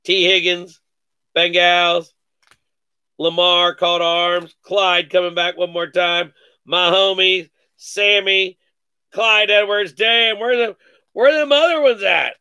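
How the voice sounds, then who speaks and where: A man hosting a live sports card break, calling out each card with excited slang and cursing. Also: sits high, smooth, no room sound. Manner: excited, calls out cards rapidly with slang and cursing.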